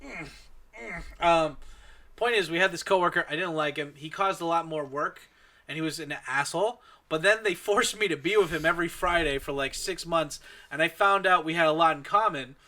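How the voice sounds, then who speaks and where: A man with a bright, forceful voice speaks as a guest in a relaxed podcast chat. He tells his stories in an animated, profane way. His voice sits a little higher than most men's. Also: a little fast.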